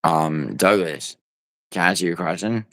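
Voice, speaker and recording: A man's voice: low voice, moderate pace, fairly bright tone, no room sound. A man livestreaming from home, rambling and teasing his viewers in profane, casual banter as he reads the chat. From United States.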